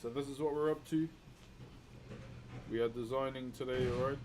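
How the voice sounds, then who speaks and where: A man's voice: mid-range voice, steady tone, moderate pace, noisy background. A man with a New Zealand accent, chatting casually with viewers on a live stream while he works on wood carving, calling everyone bro. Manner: laid-back, chatty, greets viewers as bro.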